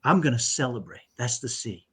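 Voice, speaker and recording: A middle-aged man, a podcast guest, telling a story in animated conversation and tagging sentences with "right?". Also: mid-range voice, fairly quick, slightly rough. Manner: animated, repeats "right?" often. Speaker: podcast guest, autism dad.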